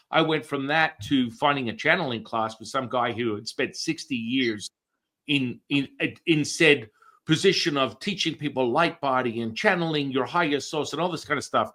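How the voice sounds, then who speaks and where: This man, medium in pitch, shares a lively anecdote while guesting on a podcast. The delivery is casual and full of swearing, with repeated words and many restarted sentences.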